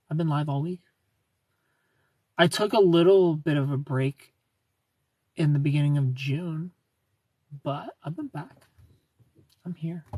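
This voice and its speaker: A man from Ohio hosting a casual livestream, reading viewer comments aloud in a soft, low-key way and slipping into quiet asides. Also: no room sound. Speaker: livestream host.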